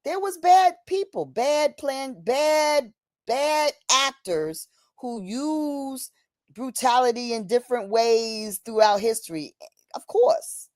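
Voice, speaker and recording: A woman's voice: high voice, animated, slow pace, darkish tone, no room sound. Preachy woman streamer, dry close sound. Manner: preachy, addresses listener as honey, acts out quoted voices. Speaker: livestream host. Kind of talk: impassioned livestream monologue. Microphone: streaming setup mic.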